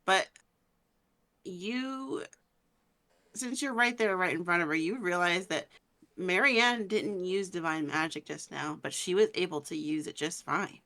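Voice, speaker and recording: A woman's voice: fairly low pitch, unhurried, pushed and bright. A woman narrating as dungeon master in a casual, hesitant way, with many fillers and restarts. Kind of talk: narrating a tabletop game.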